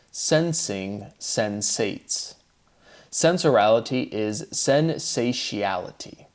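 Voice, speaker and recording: A man giving a rambling solo monologue, posing rhetorical questions to himself and dwelling on wordplay, slowing right down as he asks them. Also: mid-range voice. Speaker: solo lecturer. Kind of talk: solo spoken monologue on word theory.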